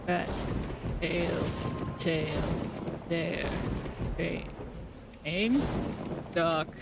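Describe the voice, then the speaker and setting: Woman doing a deep solemn voice, slow deliberate words, loud game music behind. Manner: drawn-out, deliberate one-word readings. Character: low, slow, solemn voice reading words aloud. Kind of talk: reading typed words aloud while gaming.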